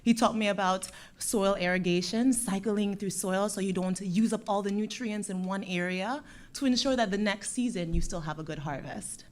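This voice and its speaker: A young woman from Dominica giving a lively, playful speech to schoolchildren at a closing ceremony. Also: mid-range voice, normal speed. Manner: lively, playful with the children, warm encouraging. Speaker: guest speaker from a bank.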